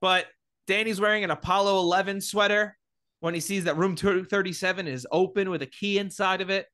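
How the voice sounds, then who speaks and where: This podcast co-host is a man whose voice sits high, with a steady, sharp tone and a brisk pace. He's chatty, laughs easily, and nitpicks small details while recapping a movie in casual conversation.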